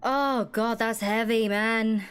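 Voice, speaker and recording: High-voiced woman streamer reacting. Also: fairly even intonation, takes it slowly, clean tone, soft background music. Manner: emotional, swearing, laughing reactions. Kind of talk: casual gameplay commentary.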